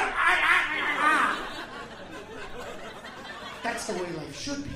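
Brash profane stand-up comic man, high voice. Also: sing-song, a little slow, pauses often, very noisy. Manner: brash, profane, shouting at the crowd. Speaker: stand-up comedian. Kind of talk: stand-up comedy set. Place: comedy club stage. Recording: echoey live club from a distance. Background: audience laughter.

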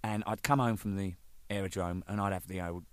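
A man's voice: deep voice, steady tone, a little fast, clean tone, no room sound. A man telling a rambling, swearing anecdote about his band. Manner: rambling, swearing, laughing, acting out shouted quotes. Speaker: band drummer telling stories. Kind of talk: casual storytelling monologue.

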